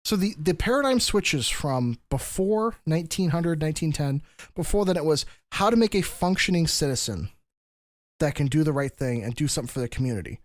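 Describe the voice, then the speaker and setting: A man with a somewhat high voice co-hosts a casual podcast and lays out his points in long, run-on explanations, restarting phrases as he goes. The sound is close and dry, with no room around it. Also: lively intonation, fairly quick, no echo. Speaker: podcast co-host.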